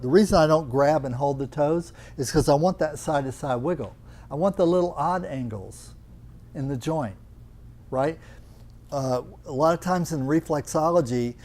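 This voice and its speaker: A man's voice: fairly high pitch, a little mellow. An older man teaching a live Thai yoga class, chatty and teasing, explaining with questions to students in the room.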